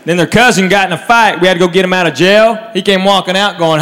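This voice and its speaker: A man's voice: high voice, quick pace, fairly bright tone. A man telling stand-up comedy stories to a live audience. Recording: hall reverb with faint crowd.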